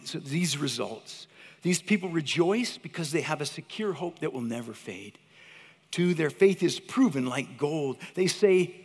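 Male pastor, sermon delivery, husky tone, dramatic dynamic swings, long hall reverb. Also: a little high. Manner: dramatic swings from loud cries to hushed whispers. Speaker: preacher.

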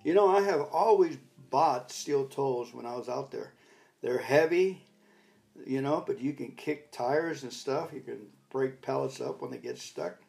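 Soft background music plays under this older man's gravelly, medium-pitched, animated voice, which is unhurried. Speaking at a recovery talk, he reflects casually through a rambling personal story, breaking into loud commands as he retells parts of it.

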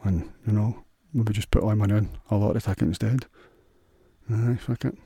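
A man's voice: lowish voice, steady tone, fairly quick, warm tone, husky, no echo, clean studio sound. A man with a Scottish accent hosting a solo podcast, rambling in a crude, sweary, offhand way. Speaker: podcast host.

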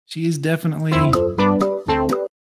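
Male reaction host, mocking and crude, slightly high voice. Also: flat delivery, measured pace, over loud music. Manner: sarcastic, mocking asides. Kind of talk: casual profane reaction commentary.

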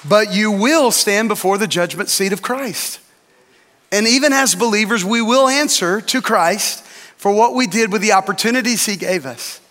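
A man's voice: sits high, moderate pace, a bit bright, some chatter behind. Man preaching a sermon, repeats lines for emphasis, echoey hall sound. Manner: emphatic preaching with dramatic repetition. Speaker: lead pastor.

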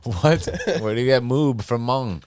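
Goofy male podcast co-host, mid pitch, casual banter, background noise with clicks. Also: a little slow, a little mellow. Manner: goofy, hums and sings nonsense tunes. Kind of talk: casual chat.

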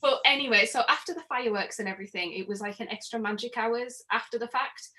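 A woman's voice: on the high side, fast talker. A young woman from Northern England with a northern accent, telling stories in a casual chat, acting out quotes and laughing often. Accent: Northern English. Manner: animated storyteller, acts out quotes, laughs often. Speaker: guest.

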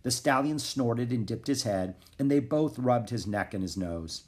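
A man narrating a children's chapter book aloud in an expressive storytelling manner. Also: medium pitch, moderate pace. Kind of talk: children's audiobook reading.

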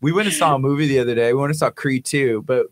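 A man's voice: medium pitch, fast, no echo. A young man hosting a radio morning show in a studio, joking and teasing his guests and laughing often. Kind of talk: casual studio banter.

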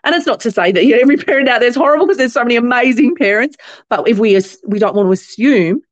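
With a higher voice and a rapid-fire delivery, an Australian company founder tells stories as a guest on an interview podcast. She's chatty, full of fillers and restarts, and animatedly acts out the voices of people she quotes. No echo, but the sound is muffled.

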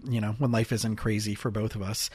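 A man hosting a podcast as a marriage and family therapist, talking in a casual, animated way with frequent restarts and fillers. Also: on the low side, brisk, husky, no room sound, studio quality.

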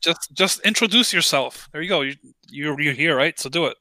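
A man in casual podcast chat, loud and trash-talking. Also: a little high, lively intonation, a little fast, no room sound, poor audio.

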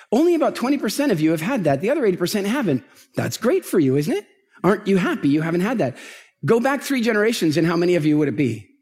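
Middle-aged guy doing a stage talk, voice sits kinda high and jumps all over, lots of questions at the crowd. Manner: animated storytelling, asks the audience questions. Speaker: motivational speaker. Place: large event stage with an audience.

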